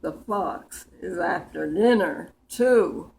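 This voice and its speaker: A woman of about a hundred reciting humorous poems from memory, in a deliberate way with small slips and restarts. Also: fairly low pitch, gravelly, a little mellow, low-quality recording. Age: about 100.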